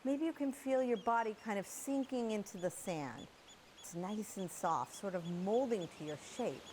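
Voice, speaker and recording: A middle-aged woman teaching kids' yoga, leading a guided beach visualization with slow, soothing instructions. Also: mid-range voice, animated, a little mellow, slight background noise. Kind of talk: guided relaxation for children. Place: indoors at home on a yoga mat.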